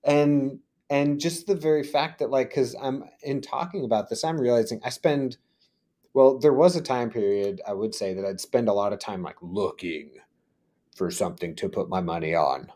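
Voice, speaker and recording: A man co-hosting a casual conversation, animated, often laughing and acting out little voices as he tells stories. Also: medium pitch, moderate pace.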